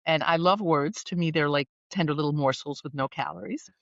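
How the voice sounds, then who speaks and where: A woman coach talks with animated, playful energy and a love of wordplay. Her voice comes through muffled and a little dull. The room sounds dry, with no echo. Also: deep voice, brisk. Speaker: guest executive coach. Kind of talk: conversational podcast interview.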